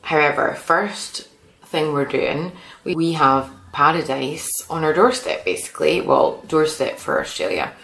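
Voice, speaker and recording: A woman's voice: deep voice, animated, a little slow, vocal fry, fairly bright tone. A woman chatting animatedly to camera as a vlogger, with the odd mild swear. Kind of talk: casual chat to camera. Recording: echoey room.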